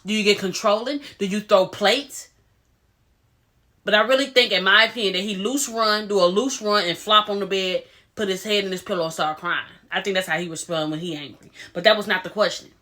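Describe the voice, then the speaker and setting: A woman's voice: mid-range voice, fast, hardly any pauses, pushed and bright. A woman giving casual, opinionated commentary as she recaps a reality TV episode, retelling scenes in quoted voices.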